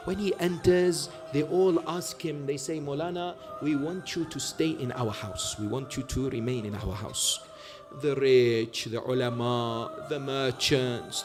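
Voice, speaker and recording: A man preaching, telling a story with lively asides and frequent rhetorical questions to his listeners. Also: medium pitch. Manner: animated storytelling, voices quoted speakers, rhetorical "yes?" asides. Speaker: Islamic preacher. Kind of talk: sermon storytelling.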